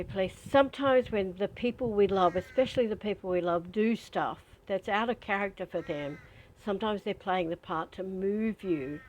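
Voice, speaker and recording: A woman's voice: mid-range voice, darkish tone, slight background noise, low-quality recording. A woman leading a spiritual training session, telling personal stories and guiding listeners to breathe. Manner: candid, chatty storytelling with breathing prompts. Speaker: spiritual teacher. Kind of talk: guided spiritual training talk.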